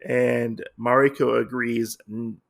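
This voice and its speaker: A man hosting a podcast in a casual recap of a comic story. He talks at a middle pitch with a gravelly edge, and he rambles along with a lot of fillers. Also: level tone, takes it slowly. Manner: rambling, filler-heavy retelling. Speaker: podcast host.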